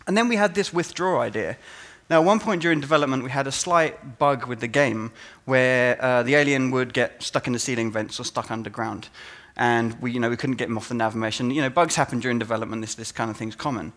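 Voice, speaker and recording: Man giving an animated conference talk. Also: mid-range voice, fairly quick. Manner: animated storytelling, acts out players' reactions. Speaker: conference speaker, game designer.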